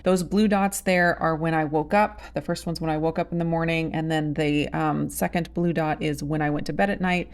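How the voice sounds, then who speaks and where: A woman vlogging casually from her small home farm and kitchen. She narrates her day plainly and coos sing-song at the animals. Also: sits low.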